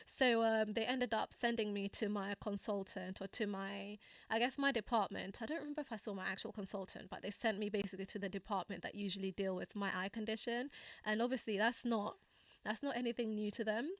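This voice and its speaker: A woman's voice: fairly even intonation, fairly quick, fairly bright tone, no echo, studio quality. A young woman hosting a livestream, casually telling a personal story with many fillers, laughs and acted-out quotes. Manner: chatty, laughing often, frequent fillers and asides; acts out quoted dialogue in a higher voice. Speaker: channel host.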